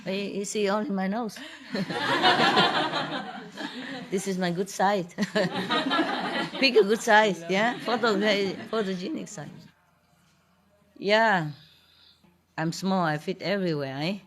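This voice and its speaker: A woman's voice: mid-range voice, slow pace, pauses often, a crowd in the background. A woman, a spiritual teacher, talking casually with her audience in a playful, teasing way and laughing often. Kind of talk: informal talk with an audience.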